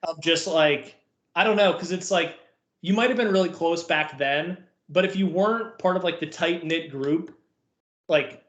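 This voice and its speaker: A man's voice: a little high, normal speed, fairly bright tone, roomy sound. A young man co-hosting a podcast, chatting casually and rambling with lots of fillers. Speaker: podcast co-host. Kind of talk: casual chat.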